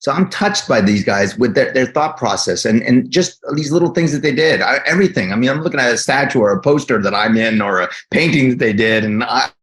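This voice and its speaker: A man in his fifties, a guest actor in a casual interview, talking in a rambling, animated way with many restarts. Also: mid-range voice, fairly quick, few pauses. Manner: animated storytelling, acts out quotes.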